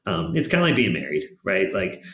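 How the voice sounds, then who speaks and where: A man's voice: low-pitched, sing-song, brisk, fairly bright tone. A man speaking as a podcast guest in a casual interview, telling stories in a rambling way full of fillers. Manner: rambling, filler-heavy storytelling. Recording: roomy echo.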